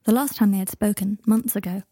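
Calm story narrator, woman, mellow and breathy, dry close sound. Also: medium pitch, brisk, no echo. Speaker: audiobook narrator. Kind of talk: reading fan fiction aloud.

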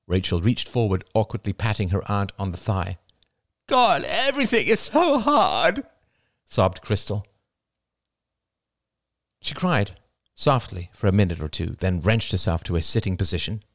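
A man narrating an audiobook in an expressive, scripted style. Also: sits low, normal speed, no room sound, studio quality.

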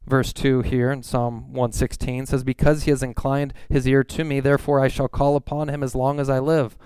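A man's voice: mid-range voice, level tone, normal speed, a little mellow, smooth, no room sound. A man in his thirties preaching a sermon, reading psalm verses and telling stories about his family in an earnest, conversational way. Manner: earnest, conversational, reads scripture aloud. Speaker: pastor.

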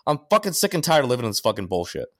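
A man's voice: medium pitch, sing-song, racing, fairly bright tone, dry recording, studio quality. A man co-hosting a podcast, ranting in casual chat and swearing constantly. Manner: profane, ranting. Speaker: podcast co-host.

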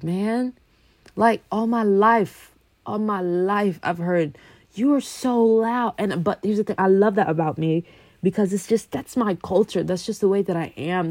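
A young woman from a Congolese family, talking casually and animatedly, swinging from loud bursts to low asides. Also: no room sound. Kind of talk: casual monologue.

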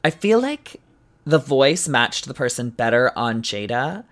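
A podcast co-host in casual chat, chatty and quick to laugh. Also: medium pitch. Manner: chatty, animated, laughs often.

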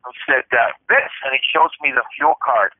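A man hosting a casual podcast, telling an animated story and acting out the voices of the people in it. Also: mid-range voice, normal speed, no room sound. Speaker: podcast host. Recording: dry tinny phone-like sound.

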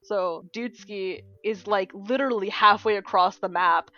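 A young woman co-hosting a podcast, telling a story in a casual, animated way, swearing often and acting out what people said. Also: medium pitch, normal speed. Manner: animated storyteller, swears a lot, acts out quotes. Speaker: podcast co-host. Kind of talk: casual chat. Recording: dull lo-fi sound.

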